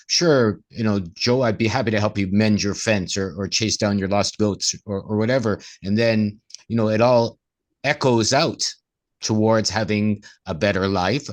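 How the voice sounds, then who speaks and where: Male co-host, lowish voice, casual talk, slips into acted inner voices. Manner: acts out inner voices in quoted asides. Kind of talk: casual conversational discussion.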